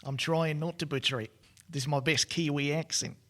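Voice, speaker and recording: A man's voice: a little high, steady tone, moderate pace, fairly bright tone. A man in his late twenties co-hosting a casual podcast, joking and rambling with many restarts. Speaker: podcast co-host. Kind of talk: casual chat.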